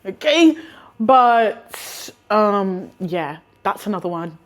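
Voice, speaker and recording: A young woman in her twenties telling stories in a chatty, animated, slangy way, with laughs and restarts. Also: medium pitch, slow. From Australia. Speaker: vlogger. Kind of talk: casual storytime.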